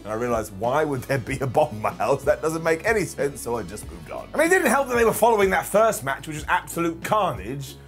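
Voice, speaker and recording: A man delivers a jokey retro wrestling review in a raised, lively voice that swings up and down. He is sarcastic and animated and laughs at his own gags. Faint music plays under him. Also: on the high side, fast talker, hardly any pauses. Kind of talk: comedic retro review commentary.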